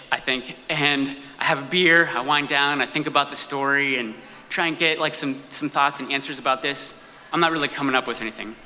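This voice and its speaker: A man performing a live personal story on stage, telling it in an animated, comic way with acted-out asides. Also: medium pitch, in a large hall, a little hiss or hum. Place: stage in an event hall.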